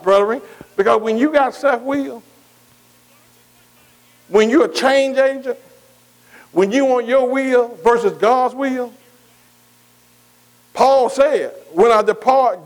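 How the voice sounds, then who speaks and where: Male preacher, high voice, conversational call-and-response sermon, long hall reverb. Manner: call-and-response questioning, repeating words; informal vernacular grammar.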